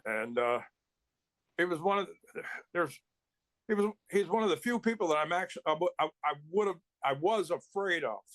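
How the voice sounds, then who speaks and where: A man's voice: sits high, expressive, normal speed, dry recording. A male actor telling rambling anecdotes in casual chat, with restarts and chuckles. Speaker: actor guest.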